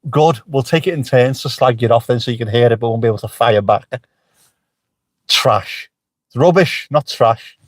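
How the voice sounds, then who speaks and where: A middle-aged man with a medium-pitched voice hosts a livestream, recorded with no echo. He chats casually, joking and swearing freely while answering the chat.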